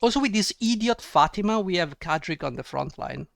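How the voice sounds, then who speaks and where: A man's voice: sits high, lively intonation, brisk, vocal fry, no room sound, clean studio sound. A man giving ranting gameplay commentary, exasperated and sarcastic, swearing often. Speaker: let's play gamer.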